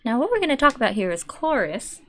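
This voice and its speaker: Hyper squeaky girl streamer persona, very high and loud, swooping wildly. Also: big pitch swings, quick pace. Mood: possessive gushing. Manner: shrill, loud and bossy toward chat.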